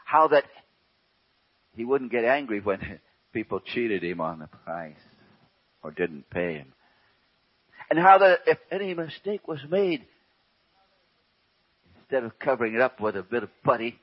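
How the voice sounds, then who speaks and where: A man preaches a sermon in a slow, emphatic way and often sinks to a hush. His voice is a little husky and his pitch rises and falls freely. The recording sounds dull and lo-fi. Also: big pitch swings. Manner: slow and emphatic, drops to a hush, asks rhetorical questions.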